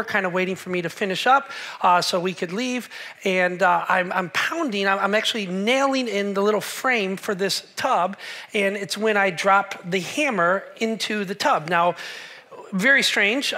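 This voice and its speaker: A man's voice: sits high, sharp tone. A man in his forties, a pastor giving a sermon in a church hall, telling a personal story with humor and speaking to the congregation. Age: 40s.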